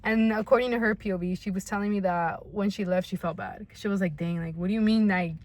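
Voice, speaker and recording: A woman's voice: medium pitch, steady tone, fast talker, a little mellow. A young woman from California co-hosting a podcast, telling a story in casual chat. She swears freely, leans on "like," and acts out her own past lines. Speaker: podcast co-host.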